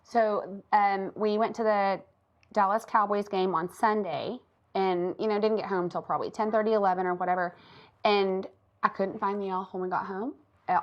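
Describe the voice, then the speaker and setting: A woman's voice: mid-range voice, moderate pace. A middle-aged woman, co-hosting a casual chat and laughing often. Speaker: co-host. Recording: dull lo-fi sound.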